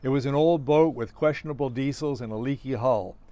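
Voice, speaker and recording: A man, the author, reading his own novella aloud in a steady storytelling manner. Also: mid-range voice, fairly quick, dry recording, highs cut off.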